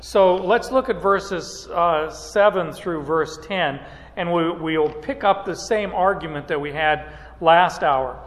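A man teaching a verse-by-verse Bible lecture, unhurried, with frequent pauses and restarts. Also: fairly high pitch, in a large hall.

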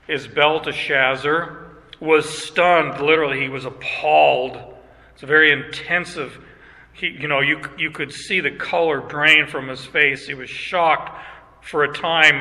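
A man delivers an expository sermon at a slow, deliberate pace, his slightly high voice bright and forceful. He reads scripture aloud, pausing to explain it with emphasis, while the long reverb of a large hall rings around him.

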